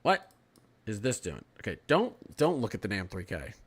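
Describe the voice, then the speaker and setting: A man's voice: on the low side, wildly swooping pitch, normal speed, breathy edge. A young man from Florida hosting a live weather stream, talking casually about forecasts, repeating and restarting phrases as he reads chat. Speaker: weather livestream host.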